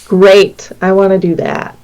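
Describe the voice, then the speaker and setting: Slow-spoken woman playing a tabletop game. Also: mid-range voice, steady tone, crowd noise, poor audio. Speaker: player. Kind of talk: casual chat.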